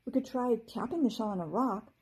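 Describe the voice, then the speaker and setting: A woman voicing a thoughtful, quick young girl in a storybook she reads aloud, with an earnest, curious manner. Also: on the high side, darkish tone, husky, pitched above the performer's own voice.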